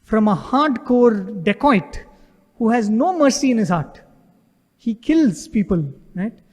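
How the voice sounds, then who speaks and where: High-voiced man giving an echoey devotional talk. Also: expressive, takes it slowly, a little mellow. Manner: earnest storytelling, frequent rhetorical "right?". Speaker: devotional speaker. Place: devotional center hall. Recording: echoey hall with long reverb.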